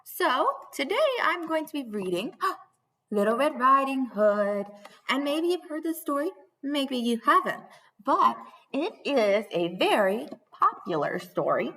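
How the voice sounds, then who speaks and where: A female teacher in her thirties reads a storybook aloud to young children, animated and gasping and calling them friends. Her voice sits high, her pace is unhurried, and she's recorded from a distance.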